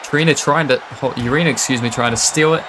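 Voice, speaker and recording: Male wrestling commentator, excitable play-by-play, constant gasps, noisy stream audio. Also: medium pitch. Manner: fast reactive play-by-play, frequent gasps and exclamations.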